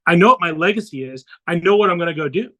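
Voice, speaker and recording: A man's voice: sits high, expressive, quick pace, bright, forceful tone, rough recording. A man on a podcast, earnestly telling a personal story and acting out the dialogue he quotes. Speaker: podcast guest.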